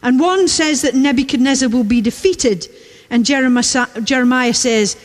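A woman preaching a sermon in a measured way, repeating key lines for emphasis, recorded in a church. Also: sits high, long reverb tail.

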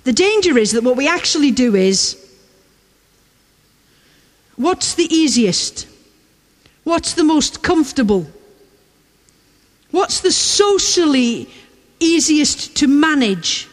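A woman preaching a sermon in a measured way, repeating key lines for emphasis, recorded in a church. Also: high voice, sing-song, big-room sound.

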